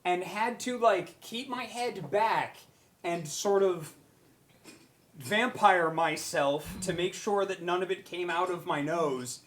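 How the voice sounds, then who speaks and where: A man's voice: high voice, slow. A young man on a charity stream panel, casually telling a story and acting out bits of it. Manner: animated, acts out quotes with raised voice.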